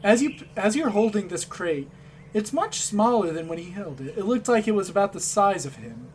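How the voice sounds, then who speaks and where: A man's voice: high-pitched, big pitch swings, moderate pace. A man narrating a tabletop role-playing game as game master, in a casual way that often repeats words. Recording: faint background noise.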